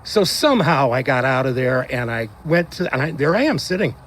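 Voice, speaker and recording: A man giving a eulogy for a close friend outdoors at a graveside, telling wry, animated anecdotes and acting out what others said. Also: mid-range voice, fairly quick, a little hiss or hum. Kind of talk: graveside eulogy told as funny stories.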